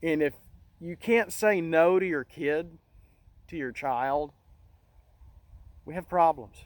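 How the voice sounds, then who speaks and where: Earnest, halting man, dry close sound. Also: on the high side, dry recording, poor audio. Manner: halting, many restarts, earnest and emotional. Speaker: channel host. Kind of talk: casual monologue.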